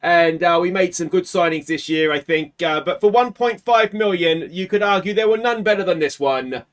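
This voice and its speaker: An Australian man hosting a let's play, talking casually through a game and swinging from quiet muttering to anguished shouts. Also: sits high, moderate pace.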